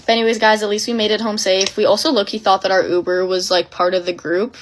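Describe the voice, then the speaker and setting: A young adult woman in a casual storytime, telling a tale in an animated, breathless way full of filler words. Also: medium pitch, fast, slight background noise.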